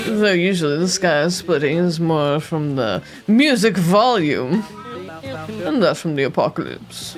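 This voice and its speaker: A woman voicing a laid-back, party-loving cat man, reading his game lines slowly. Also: fairly low pitch.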